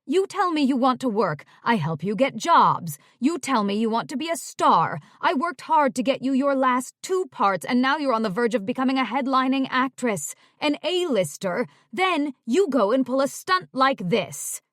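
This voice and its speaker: A woman voicing a brash, exasperated middle-aged talent agent who scolds loudly. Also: high-pitched, sing-song, moderate pace, few pauses, no room sound, clean studio sound, pitched above the performer's own voice. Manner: loud, scolding.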